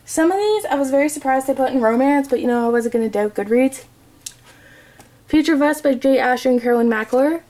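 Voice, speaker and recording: A woman's voice: high-pitched, a little fast, darkish tone, slight background noise. A young woman vlogger chatting casually as she reads off book titles and authors. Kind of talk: casual bookshelf tour vlog.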